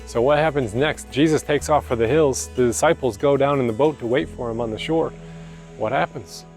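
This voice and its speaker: A man's voice: medium pitch, a little fast, a little mellow, faint music behind. A man preaching a sermon as pastor, in a casual, conversational way with slangy asides. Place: church.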